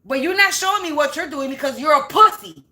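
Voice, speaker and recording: A woman's voice: sits high, brisk, pushed and bright. A woman spiritual reader talking to camera in an unscripted, profane rant, stressing points by repeating them. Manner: profane, emphatic, repeats herself. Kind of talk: unscripted ranting monologue.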